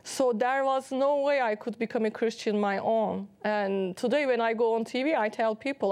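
Woman guest, English speaker, earnest testimony, voice a bit high. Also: normal speed, few pauses, a little mellow, clean tone. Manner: earnest, rising to emotional emphasis when quoting. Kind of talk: testimony on a talk show.

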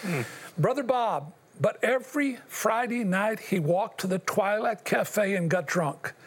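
Older male guest, husky tone, earnest and halting, testimony-style storytelling. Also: high voice. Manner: earnest, halting, with long pauses. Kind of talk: personal testimony in an interview.

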